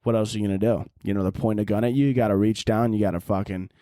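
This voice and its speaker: A man hosting a solo podcast, rambling through a crude, profane comedic monologue with animated swings in his delivery. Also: on the low side, racing, no room sound, clean studio sound. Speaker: podcast host.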